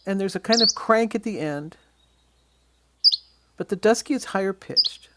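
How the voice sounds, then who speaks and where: A birding instructor giving a casual slide-show lesson on bird identification, pointing out features in photos and often pausing with ums and uhs. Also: mid-range voice, very noisy. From Western Washington.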